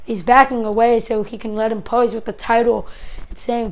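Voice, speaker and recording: A woman giving excitable play-by-play commentary on a wrestling match in a game, breaking into shouts at the big moves. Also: on the high side, normal speed, poor audio.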